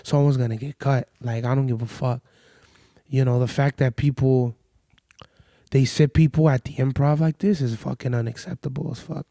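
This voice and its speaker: A man hosting a podcast, ranting in crude, sarcastic storytelling while sick and low on energy. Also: fairly even intonation, normal speed, vocal fry, mellow, dry recording, studio quality. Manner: heated, crude, sarcastic, mimics people in quotes. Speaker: podcast host. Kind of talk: profane storytelling rant.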